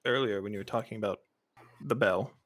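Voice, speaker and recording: A man playing a tabletop game, talking things through in a deliberate, thoughtful way. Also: on the low side, a bit bright. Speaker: player.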